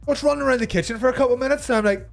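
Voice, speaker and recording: A man's voice: very high voice, racing, gravelly, soft background music. A young man with a Northern Irish accent, co-hosting a talk show and telling a rambling, sweary story while laughing through it. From Northern Ireland. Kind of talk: casual storytelling chat.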